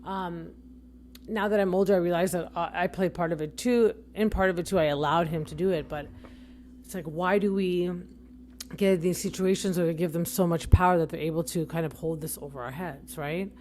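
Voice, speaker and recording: A young adult woman hosts a podcast, offering casual opinion commentary in a chatty, rambling style with frequent self-corrections. Her voice is fairly low, steady and a little mellow, her pace brisk, and there's a little hiss or hum in the recording.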